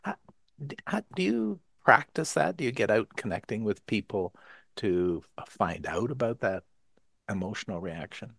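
A man's voice: on the low side, animated, normal speed, creaky, fairly bright tone, no echo, clean studio sound. A man hosting a podcast interview about pottery, asking thoughtful, reflective questions. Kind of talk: casual interview talk.

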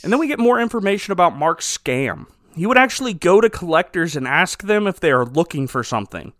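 A man hosting a podcast in casual chat, animated and incredulous, laughing often. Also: high voice, brisk, no echo, clean studio sound. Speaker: podcast host.

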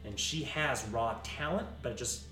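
A man narrating a tabletop game as game master, animated, stumbling over words and laughing. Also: mid-range voice, a little slow, reverberant, far from the mic, faint music behind.

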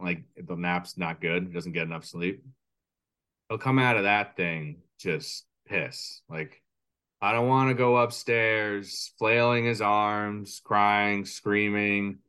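A man co-hosting a casual podcast, telling animated stories about his kids and everyday mishaps. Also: lowish voice. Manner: animated storytelling, acts out kids and cashiers. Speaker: podcast co-host. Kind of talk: casual chat.

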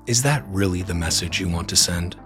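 A man's voice: low-pitched, fairly quick, a bit bright, faint music behind. A man hosting a news roundup podcast, reading from a script in a blunt, sarcastic, opinionated way. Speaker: podcast host.

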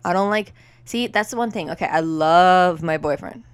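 A woman's voice: on the low side, normal speed, clear, resonant tone. A young woman co-hosting a casual podcast chat, opinionated and full of fillers. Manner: chatty, opinionated, filler-heavy. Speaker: podcast co-host.

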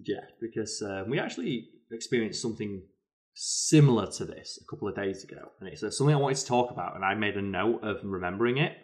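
Low-voiced British man telling a story. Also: fast. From Britain. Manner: animated storyteller, many fillers. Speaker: podcast co-host. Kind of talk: casual chat.

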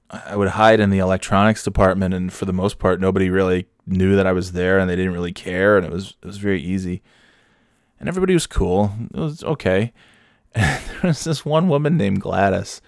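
A man in his thirties with a lowish voice rambles through a solo podcast monologue, swearing freely and poking fun at himself. The sound is dry and close, with no room around it. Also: dry recording. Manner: rambling, self-deprecating, profane. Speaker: podcast host.

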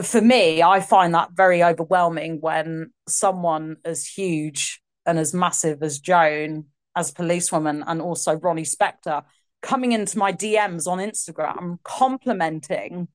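Excitable young woman storyteller. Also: lowish voice, a little slow, no room sound. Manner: chatty, excitable storytelling with quoted asides. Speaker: singer and guest. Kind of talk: casual interview chat.

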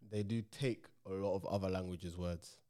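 A man's voice: low-pitched, steady tone, normal speed, warm tone. A man, co-hosting a podcast, teasing in a dry way. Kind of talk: casual banter.

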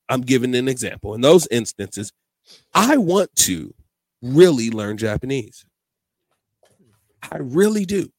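Animated man hosting a podcast. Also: medium pitch, dry recording. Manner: animated, rambling storyteller. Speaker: podcast host. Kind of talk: casual podcast chat.

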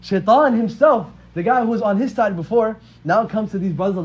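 Dull lo-fi audio with faint hiss captures a religious teacher in his twenties telling a religious story. His high voice is fairly quick and a little mellow, and his casual, conversational style includes frequent "right?"s.

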